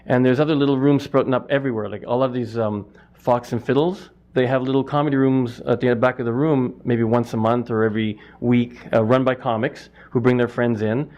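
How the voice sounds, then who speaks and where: A man's voice: medium pitch, steady tone, a little fast, darkish tone, dull audio. A middle-aged man from Canada, a stand-up comic and butcher, answering interview questions in a rambling, self-interrupting way.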